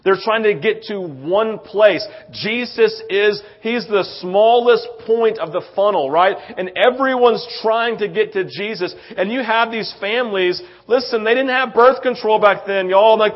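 A man's voice: high voice, unhurried, hardly any pauses. A male pastor preaching a conversational sermon in a church, telling stories with frequent "right?" asides. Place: church sanctuary. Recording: muffled lo-fi sound.

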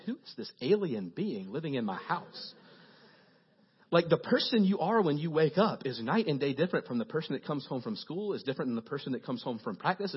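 Man, youth pastor, casual sermon, husky, muffled lo-fi sound. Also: a little high. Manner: casual, joking, animated storytelling.

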